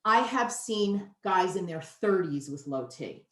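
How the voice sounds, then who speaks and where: A woman's voice: fairly low pitch, expressive, takes it slowly, fairly bright tone. A woman in her fifties, a nutritionist guest, talking candidly and emphatically in a casual interview. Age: 50s. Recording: roomy echo.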